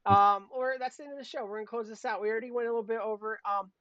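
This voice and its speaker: A man's voice: sits high, steady tone, rapid-fire, sharp tone, no echo. A man co-hosts a casual livestream, rambling through crude jokes and sign-offs. The audio is dry and dull, like a lo-fi stream mix. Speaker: co-host.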